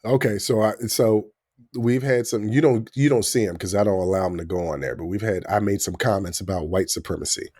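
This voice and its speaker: A man in his forties from the United States co-hosting a podcast, talking in an animated, joking way and jumping between points. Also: fairly low pitch, a little fast, no room sound, clean studio sound. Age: 40s. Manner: animated, jokey, talks over his co-host. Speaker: podcast co-host. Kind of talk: casual chat.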